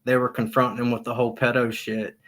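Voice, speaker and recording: A man hosting a casual live stream, rambling and laughing a lot as he retells funny stories, sometimes jumping into high squealing impressions and swearing freely. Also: little pitch movement, quick pace, fairly bright tone.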